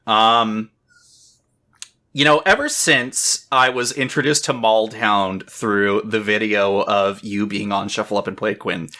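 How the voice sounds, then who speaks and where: A man co-hosting a podcast in casual chat, excitable and swearing freely, with lots of "um". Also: on the low side, a little slow. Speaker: podcast co-host.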